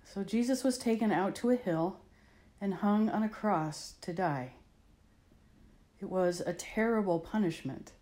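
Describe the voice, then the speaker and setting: A woman's voice: medium pitch, dark tone. A woman telling a Bible story to children with expression, asking the listener questions along the way.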